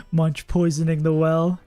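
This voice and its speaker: Playing live, a streamer chats casually about the game in a dark-toned, mid-range voice, thinking aloud as he goes. He laughs often and swears occasionally, and the audio carries no room sound.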